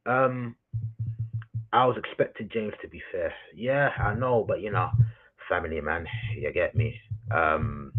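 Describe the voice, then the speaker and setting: A man's voice: sits low, a little slow, faint music behind. A man ranting about his football team on a live stream, swearing, repeating himself and calling his chat "people.". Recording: tinny phone-like audio.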